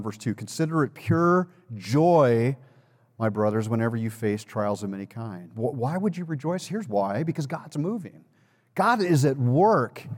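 A man's voice: fairly high pitch, a little mellow. A man preaching a sermon as pastor, telling a personal story in a conversational way and building to emphatic peaks. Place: church sanctuary. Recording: long reverb of a large hall.

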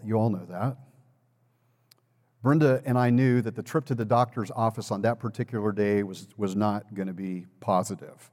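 A man's voice: medium pitch, darkish tone. A man preaching a sermon as pastor, telling a personal story in a conversational way and building to emphatic peaks. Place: church sanctuary. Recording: long reverb of a large hall.

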